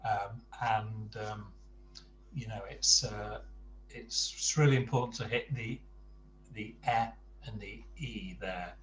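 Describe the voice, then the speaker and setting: A man coaching Spanish pronunciation at an unhurried pace. He is patient and encouraging, his sentences often fading off quietly. His voice sits in an echoey room with a faint hum underneath. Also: on the low side, steady tone, distant mic. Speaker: Spanish tutor. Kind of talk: online language lesson, coaching pronunciation.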